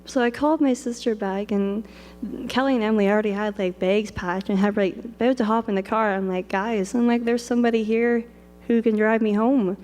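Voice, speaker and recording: A young Canadian wedding photographer tells a long personal story in a steady, medium-pitched, slightly mellow voice. She speaks fast, packing in fillers, endless "like"s, and acted-out quotes of her own self-talk, with the long reverb of a large hall around her.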